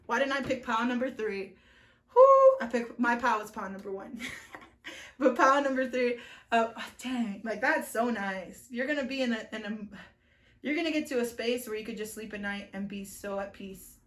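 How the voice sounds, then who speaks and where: A young woman talks through a tarot reading in a loose, chatty way, laughing often and dropping the odd curse word. Her voice sits a little high, and the room around her gives it a noticeable echo. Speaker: tarot reader. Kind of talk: casual tarot reading vlog. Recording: echoey room.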